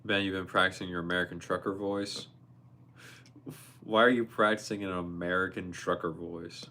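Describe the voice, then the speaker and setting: A young man hosting a casual livestream, reading viewer messages aloud and reacting to them in a quick, playful way. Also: deep voice, steady tone, pushed and bright. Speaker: livestream host. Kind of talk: casual live-stream chat.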